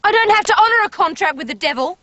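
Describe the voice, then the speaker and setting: An actress playing a defiant woman who snaps back with sharp retorts in a quarrel. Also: very high voice, animated, fast talker, dry recording, dull audio.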